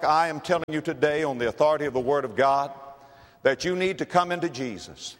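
A man preaching a dramatic evangelistic sermon, swinging from shouts to hushed tones. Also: fairly high pitch, brisk, big-room sound.

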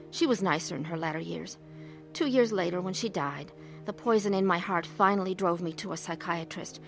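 A woman's voice: mid-range voice, natural voice. A woman as a troubled middle-aged narrator. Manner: earnest, emotional. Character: troubled woman telling her own story. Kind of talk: radio drama narration and acting.

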